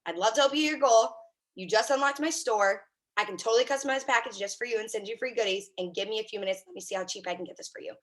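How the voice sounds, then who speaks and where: A woman's voice: fairly high pitch, a bit bright. Upbeat chatty woman coaching on a call. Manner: upbeat, fast and chatty, lots of "like" and "right?". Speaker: sales team leader. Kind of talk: coaching a team on a video call.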